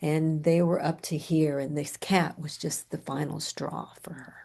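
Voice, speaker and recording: A middle-aged woman grief therapist giving a training lecture, telling client stories in a soft-spoken, unhurried way that sometimes drops close to a whisper. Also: sits low, level tone, vocal fry.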